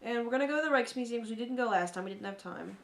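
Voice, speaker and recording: A woman's voice: fairly high pitch, rapid-fire, vocal fry, roomy sound, slight background noise. A woman co-hosting a podcast, chatting casually and acting out the people in her stories. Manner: animated storyteller, acts out quoted people. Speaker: podcast co-host. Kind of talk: casual chat.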